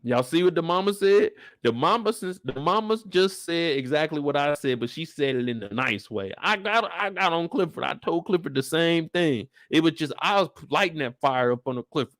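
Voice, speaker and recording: A man from Kansas City hosting a live after-show, giving animated, profane reaction commentary that breaks into laughs and loud rants at the characters. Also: a little high, normal speed, hardly any pauses, no echo, studio quality. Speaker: show host.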